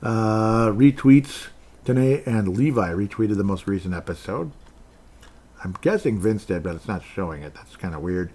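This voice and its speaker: A man with a somewhat low, dark voice and a breathy edge hosts a casual solo podcast, speaking expressively at a moderate pace. He rambles from thought to thought, mutters to himself, and chuckles while reading listener comments.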